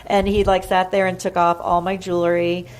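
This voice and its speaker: A woman's voice: lowish voice, level tone, moderate pace. A woman guest on a podcast, chatting casually and gushing as she tells stories, acting out the voices of the people in them. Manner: chatty, gushing, full of fillers and acted-out quotes. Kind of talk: casual storytelling chat. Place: podcast studio.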